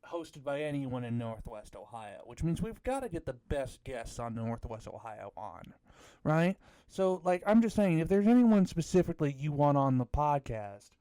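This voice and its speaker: Rambling podcast host, man, slightly high voice. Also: warm tone, no echo. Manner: rambling, filler-heavy, self-mocking. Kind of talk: casual chat.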